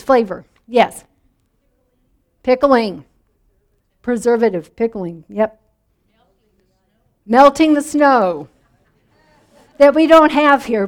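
A middle-aged woman pastor preaching a sermon in a conversational way, drawing answers from the congregation. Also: a little high. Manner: conversational, inviting congregation responses.

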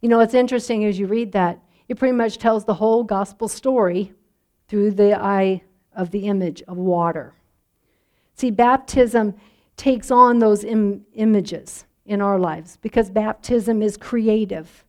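A woman pastor preaching a sermon in a measured, reflective way, letting line endings drop softly. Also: medium pitch.

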